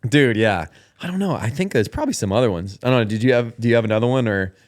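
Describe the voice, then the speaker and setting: A young man hosting a podcast, telling stories in a loose, chatty way. He leans on "like" and "dude" and breaks into laughter as he talks. His voice sits at an ordinary middle pitch for a man. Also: expressive, quick pace. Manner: laughs often, loose slangy talk full of "like" and "dude". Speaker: podcast host. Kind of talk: casual storytelling chat.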